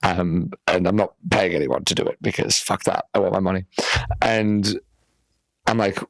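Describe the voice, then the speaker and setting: A man's voice: deep voice, moderate pace, gravelly, no room sound, rough recording. A young man, telling a rambling comedy story full of fillers and swearing on a podcast. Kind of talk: casual storytelling.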